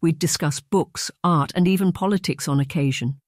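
A gentle young governess in an audiobook, as the narrator puts her on, measured and soft-spoken. She picks every word carefully, and the recording is close and dry. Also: low-pitched, no room sound, natural voice. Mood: instructive. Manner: measured, soft-spoken, choosing words with care. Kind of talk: audiobook reading.

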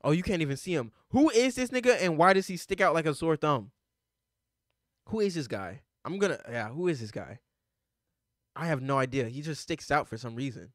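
A young man streaming live, reacting to basketball highlights with loud outbursts and slang, talking at the players on screen. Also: expressive, fairly quick, no echo, clean studio sound. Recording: faint music behind the voice.

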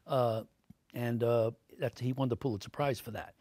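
A man's voice: mid-range voice, moderate pace, no room sound. Older New man telling stories. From Brooklyn, New York. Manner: animated anecdotes, many fillers, acts out quoted voices. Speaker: actor, interview guest. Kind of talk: storytelling interview answers. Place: TV studio.

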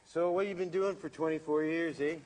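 An actor playing a dim-witted, know-it-all brother in an improvised sketch, with a nasal drawl ending lines with "eh". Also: male voice, on the high side, steady tone, brisk, a little mellow, natural voice. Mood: goofy. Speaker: sketch comedy co-host. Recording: echoey room with long reverb.

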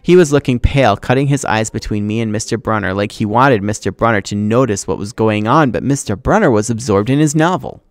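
A man's voice: lowish voice, a little fast, few pauses, no echo, studio quality. A man teacher reading a novel aloud to his class, acting out the dialogue with expression.

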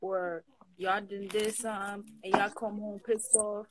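A woman's voice: mid-range voice, flat delivery, unhurried, very noisy. A woman chatting casually as co-host, teasing and talking back. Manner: laughing, teasing, talks back. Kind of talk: casual chat.

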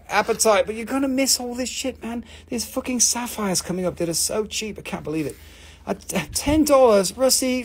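Husky high-voiced man selling rocks live. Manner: joking, swearing, calling out bidders. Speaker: live-stream mineral seller. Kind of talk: casual live auction chat.

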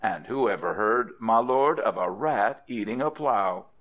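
A man voicing a shrewd, calm male traveler who speaks with dry irony. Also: on the low side, a little slow. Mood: sly. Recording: dull lo-fi audio.

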